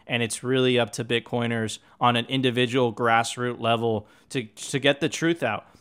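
A man's voice: mid-range voice, steady tone, moderate pace, a bit bright, smooth. A man hosting a podcast in casual chat, enthusiastic and profane, often stumbling over and repeating words. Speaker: podcast host.

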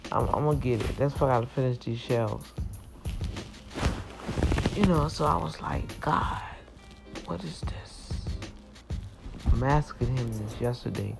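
A woman's voice: very deep voice, moderate pace, vocal fry, long pauses. A middle-aged woman talking to her viewers in a chatty, emotional personal faith vlog. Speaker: vlogger. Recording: praise music playing underneath. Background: praise music.

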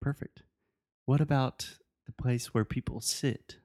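A man's voice: mid-range voice, fairly even intonation, unhurried, a little mellow, dry recording, studio quality. A man co-hosting a podcast, patiently walking his partner through English pronunciation in casual conversation. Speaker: podcast co-host and English teacher.

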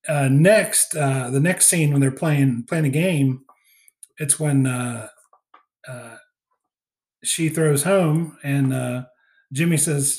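A podcast co-host with a mid-range, somewhat dark-toned male voice casually recaps a movie. He rambles, packs in lots of fillers, and acts out the quoted lines.

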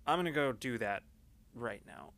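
A man's voice: mid-range voice, expressive, moderate pace, creaky, fairly bright tone. A man voicing a weary male smuggler who is dry and polite.

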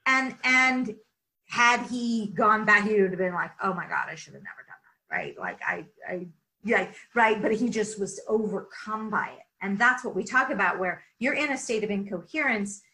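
Woman, leadership coach, bright tone, energetic explaining, interview guest. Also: mid-range voice, normal speed, low-quality recording. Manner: energetic, lots of "right?" asides.

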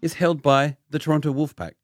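A man's voice: fairly high pitch, fairly even intonation, a little fast, no room sound, studio quality. A man hosting a casual podcast chat, playfully quizzing his co-hosts. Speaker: podcast host.

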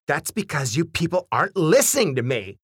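A man voicing a shrill, domineering middle-aged woman who snaps orders in a story reading. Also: sing-song, fairly quick, husky, no echo, studio quality, heavily acted. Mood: bossy.

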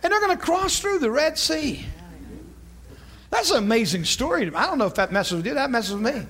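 Animated, high-voiced male preacher. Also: brisk. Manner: animated, laughing often, folksy. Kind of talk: sermon.

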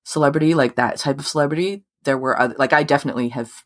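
A woman's voice: a bass voice, racing. Chatty woman podcaster. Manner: rambling, many "like"s, swears casually. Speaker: podcast co-host. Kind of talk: casual chat.

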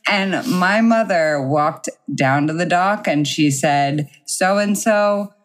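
A woman's voice: sits low, slow. A woman from Montauk co-hosting a podcast, frank and blunt in casual chat. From Montauk, New York. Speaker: podcast co-host.

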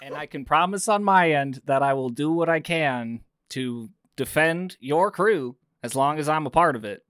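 A man's voice: on the high side, expressive, moderate pace, hardly any pauses, fairly bright tone, clear, resonant tone, no room sound, clean studio sound. A man playing an earnest, grumbling male sailor who rambles indignantly in a tabletop game. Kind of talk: in-character tabletop play.

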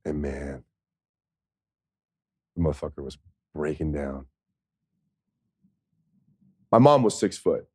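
A man's voice: rumbling low, animated, slow, pauses often, a little mellow, husky, no room sound, studio quality. A man, a former pro football player, telling a story in a rambling, profane way and laughing often. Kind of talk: casual storytelling.

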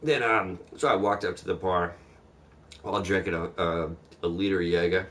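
A man's voice: low voice, normal speed, fairly bright tone, slight background noise. A man telling a long story in a casual chat, rambling and swearing, acting out the other people's lines as he goes. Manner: rambling, profane, acts out quoted voices.

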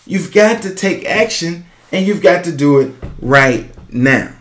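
Male podcast host, fairly high voice, slow and emphatic motivational delivery, echoey room. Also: lively intonation, fairly bright tone. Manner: urgent, emphatic, repeats key phrases. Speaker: podcast host and business coach.

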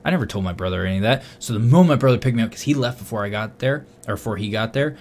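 A young man casually telling a long story on a podcast, swearing often and getting loud when he quotes himself. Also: on the low side, rapid-fire. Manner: animated, swears a lot, loud bursts when quoting himself. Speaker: podcast co-host.

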